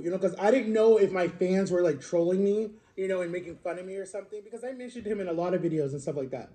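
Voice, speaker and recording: Rambling man telling a story, mellow tone. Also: high voice, fast, few pauses. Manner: rambling, conversational, lots of fillers and restarts. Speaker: social media creator. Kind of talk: casual storytime monologue.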